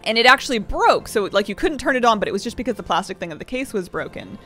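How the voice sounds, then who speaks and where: A woman's voice: fairly high pitch, big pitch swings, fast, pushed and bright, soft background music. A young woman streamer chatting casually with viewers, telling rambling stories with laughs.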